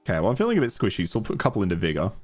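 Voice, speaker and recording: A chatty man with a mild Australian accent, streaming a game and thinking aloud as he plays. His voice is low but swings widely, and he laughs easily. Faint game music plays behind him. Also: huge pitch swings, rapid-fire, a little mellow, husky. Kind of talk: casual live-stream commentary.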